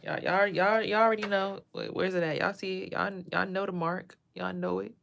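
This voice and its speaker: A woman's voice: mid-range voice, steady tone, normal speed, gravelly, a bit bright, slight background noise. A woman giving a casual tarot reading on a phone livestream, chatting to viewers and drifting between the cards and asides. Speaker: tarot reader.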